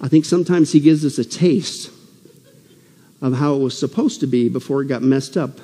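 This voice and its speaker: A man preaching a sermon at a prophecy conference, joking and animated, swinging from loud emphasis to soft asides. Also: mid-range voice, moderate pace, breathy edge. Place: church hall. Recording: long hall reverb.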